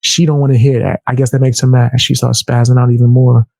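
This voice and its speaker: Gravelly man telling a heated story. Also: medium pitch, quick pace, no room sound. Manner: animated, acts out quoted people in a raised voice. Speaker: storyteller vlogger. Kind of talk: casual storytelling rant.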